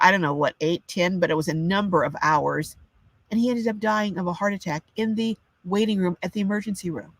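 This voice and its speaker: A woman's voice: medium pitch, no echo. An older woman hosting a live chat, ranting with indignation and reading out viewer comments. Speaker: livestream host. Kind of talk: casual livestream chat.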